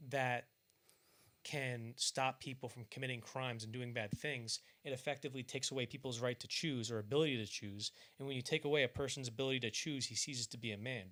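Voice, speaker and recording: A man's voice: medium pitch, a bit bright. A young man co-hosting a podcast, chatting casually about films, rambling with lots of fillers and acting out scenes in mock voices. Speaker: podcast co-host. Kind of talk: casual film discussion.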